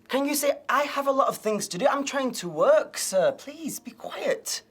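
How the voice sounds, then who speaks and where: A woman's voice: sits high, expressive, unhurried, husky, exaggerated voice. A woman acting out a harried person trying to work amid noise, sighing in exasperation. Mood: exasperated.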